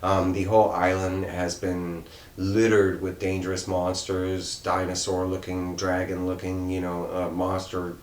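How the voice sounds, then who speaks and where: Rambling low-voiced man in an echoey room. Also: monotone, a little slow. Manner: rambling, many fillers and restarts. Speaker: comic book reviewer. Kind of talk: casual unscripted review. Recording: roomy echo, faint background noise.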